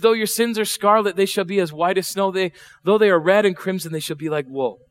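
A middle-aged man preaching a sermon, chatty and full of questions to the congregation. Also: high voice. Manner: conversational, asks the congregation questions, acts out voices. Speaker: pastor. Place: church.

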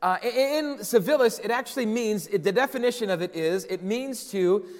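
A man delivers an earnest sermon in a fairly high voice, circling back to repeat his key phrases. The recording carries a long, ringing reverb. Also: moderate pace, a little mellow. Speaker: pastor.

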